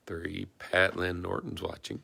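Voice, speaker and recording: Off-camera man, very deep and gravelly, dry and teasing, reads out comments. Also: monotone, measured pace, bright, forceful tone. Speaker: helper reading viewer comments. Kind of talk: casual off-camera chat.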